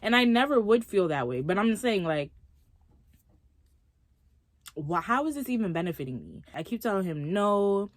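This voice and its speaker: A young woman casually telling a story in an animated, slangy way. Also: medium pitch, moderate pace, pauses often, dry recording.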